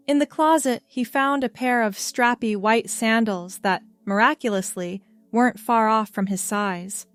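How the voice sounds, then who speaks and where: Woman narrator for a story reading, slow and calm, dry close recording over faint background music. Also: medium pitch, no echo.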